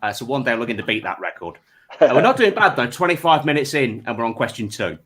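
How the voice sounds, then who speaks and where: A man hosting a comedy panel over a video call, with an ordinary mid-range pitch that swings widely as he talks. His delivery is loose and chatty, padded with fillers, and he reads out viewer texts between questions. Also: big pitch swings, fast talker, a bit bright. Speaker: comedy panel show host. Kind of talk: casual comic hosting, reading out viewer texts.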